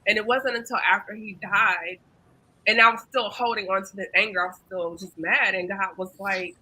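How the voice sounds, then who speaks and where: A woman's voice: medium pitch, fairly even intonation, brisk, sharp tone, slight background noise, poor audio. A woman hosting a panel discussion, earnestly telling a personal story with frequent ums and restarts. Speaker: host and facilitator.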